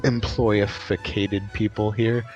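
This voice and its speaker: A man chatting on a podcast panel, relaxed and hesitant with many fillers. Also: fairly low pitch, takes it slowly, dull audio, soft background music. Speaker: features and community editor, panelist. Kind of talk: casual podcast chat.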